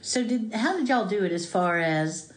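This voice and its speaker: A middle-aged woman, co-hosting a casual podcast chat as an animated storyteller who slows down for emphasis. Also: mid-range voice. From Appalachian United States. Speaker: podcast co-host. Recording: roomy echo.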